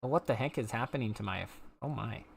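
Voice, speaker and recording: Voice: medium pitch, animated, fast, vocal fry, slight background noise. A game streamer chatting casually with viewers while playing, playful and teasing. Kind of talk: casual live-stream chat while gaming.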